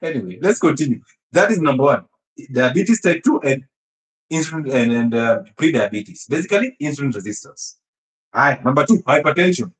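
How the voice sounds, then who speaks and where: A man giving an animated health talk, emphatic and teasing, often laughing and throwing rhetorical questions at his listeners. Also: mid-range voice, a little fast. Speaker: health speaker. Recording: echoey room.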